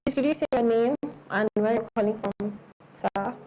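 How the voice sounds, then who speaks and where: Nigerian woman reading audience reactions, mellow and warm tone, encouraging, with faint background noise. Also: a little high, normal speed, rough recording. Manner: encouraging, inviting participation. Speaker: co-host reading chat reactions. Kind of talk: live call-in show hosting.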